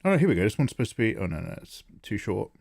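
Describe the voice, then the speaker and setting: A man's voice: fairly low pitch, very animated, fast, gravelly, darkish tone, husky. A man chatting casually with viewers on a live art stream while drawing, playfully snarky and greeting people by name. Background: faint synth music.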